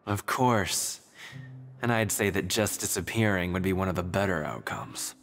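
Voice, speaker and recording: A man's voice: sits low, moderate pace, fairly bright tone, soft background music. An actor playing a sly, chuckling older male prisoner who trades secrets, in video game voice acting. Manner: teasing, conspiratorial, chuckling.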